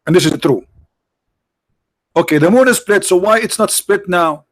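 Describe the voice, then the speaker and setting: A man hosting a live stream with mocking, sarcastic commentary and rhetorical questions, his voice tired, clearing his throat now and then. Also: sits high, normal speed, dry recording. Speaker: online show host.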